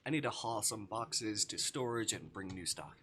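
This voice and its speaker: A man's voice: fairly low pitch, lively intonation, moderate pace, bright, forceful tone, a little hiss or hum. A man voicing a teasing, playful young male shop cashier with smug, joking banter.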